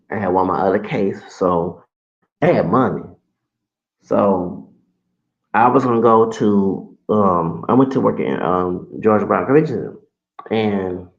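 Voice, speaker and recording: A man in his late thirties rants through a personal story, sassy and profane, with plenty of restarts in this casual storytelling. His voice is on the low side with vocal fry, recorded lo-fi in an echoey room.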